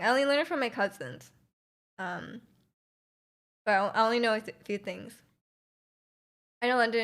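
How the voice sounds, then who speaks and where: A woman's voice: fairly high pitch, fairly bright tone. A woman streamer chatting casually with her livestream chat, giggling often and reacting to messages.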